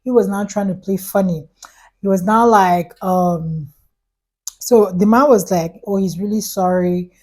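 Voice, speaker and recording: A young woman vlogger telling an animated, exasperated storytime, quoting everyone in the story and saying "like" often. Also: medium pitch, a little slow, poor audio. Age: young adult. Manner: animated, exasperated storytelling with quoted dialogue and frequent "like". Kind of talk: storytime vlog.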